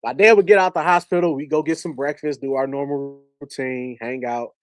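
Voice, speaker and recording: A man telling a personal story on a livestream as its host, talking candidly with halting restarts. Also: medium pitch, fairly even intonation, faint music behind. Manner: candid, halting, laughs while telling stories.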